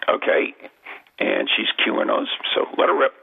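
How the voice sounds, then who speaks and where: A man hosting a casual radio chat about ghost hunting, talking in a rambling, halting way with many restarts. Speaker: paranormal investigator host. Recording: tinny phone-line radio audio.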